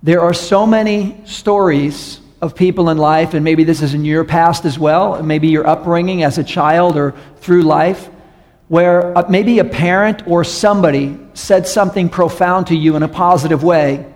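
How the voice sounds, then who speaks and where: A man preaches to his congregation with a slightly high voice, moving easily into stories and playing the people in them. His voice rings out with the long reverb of a large church sanctuary. He talks in a direct, conversational sermon manner. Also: fairly even intonation, normal speed, darkish tone. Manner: storytelling, acts out voices in stories. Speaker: pastor.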